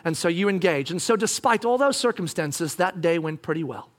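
A middle-aged male pastor tells a family story from the pulpit, joking as he goes and slipping into other people's voices. His voice sits high for a man. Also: brisk. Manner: animated, jokey, acts out voices. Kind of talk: sermon storytelling.

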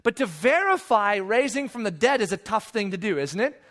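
A man preaching a sermon in a conversational way, acting out the story with sudden loud and hushed moments and often asking "right?". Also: sits high, normal speed. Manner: animated storytelling, acts out disciples and Jesus with sudden loud and hushed voices; conversational, keeps checking with "right?". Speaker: pastor.

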